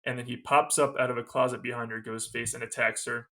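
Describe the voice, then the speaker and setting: A man's voice: mid-range voice, level tone, quick pace, pushed and bright. A man co-hosting a podcast, recapping a movie scene in casual chat, quoting its lines and laughing often. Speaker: podcast co-host.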